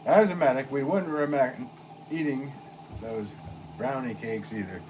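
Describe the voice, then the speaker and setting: A man's voice: mid-range voice, normal speed, noisy background. A man, a potter, chatting casually and playfully with his livestream chat while he works. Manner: playful, joking, answers chat. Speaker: potter streaming live.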